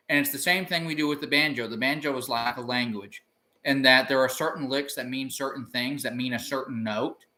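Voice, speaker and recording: A man and banjo teacher talking casually during a live practice session, rambling loosely through his explanations. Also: fairly high pitch. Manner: relaxed rambling explanation with sung snippets. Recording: banjo music under the voice.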